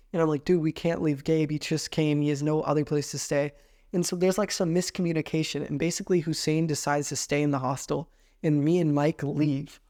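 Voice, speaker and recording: Animated young man telling a story. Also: a little high. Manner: animated, heavy use of "like". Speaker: podcast host. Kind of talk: casual storytelling.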